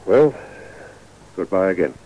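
An urbane, dryly witty father in a radio drama, measured and composed. His low voice rises and falls widely with a mellow tone. The recording sounds dull and lo-fi. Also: sing-song, heavily acted.

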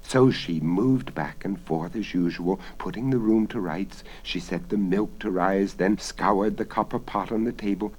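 A man reading a story aloud with dramatic expression, often dropping into hushed whispers for suspense. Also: low voice, unhurried, few pauses.

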